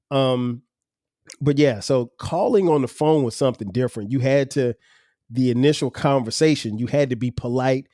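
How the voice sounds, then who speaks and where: A man in his forties hosting a podcast, telling relaxed stories with slang, frequent laughs and "um" pauses. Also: mid-range voice, dry recording, studio quality. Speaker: podcast host. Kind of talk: casual storytelling monologue.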